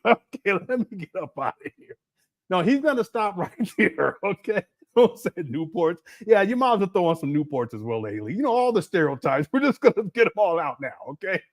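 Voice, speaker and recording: High, lively man laughing through commentary. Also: moderate pace. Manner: laughs constantly, mocking. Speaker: livestream host. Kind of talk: casual livestream commentary.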